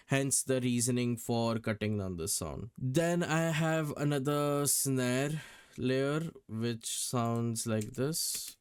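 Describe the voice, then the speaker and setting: A man's voice: mid-range voice, slow pace. Man, music producer, tutorial talk, emphatic repeats, faint music behind. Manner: casual, repeats words for emphasis. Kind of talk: tutorial breakdown.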